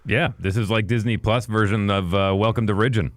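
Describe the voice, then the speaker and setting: A man's voice: on the low side, steady tone, brisk, no room sound. A man joining a casual podcast as a guest, wry and joking, handing out advice. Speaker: podcast guest, radio host.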